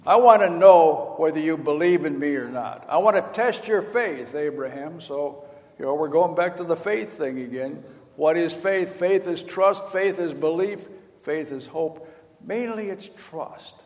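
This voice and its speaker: An older man preaching in a folksy, storytelling way, slipping into the voices of the people in his story. His voice sits a little higher than most men's. The sound carries a long reverb, as in a large hall. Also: a little slow, a little mellow. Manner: folksy storytelling, acting out quoted lines. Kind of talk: sermon.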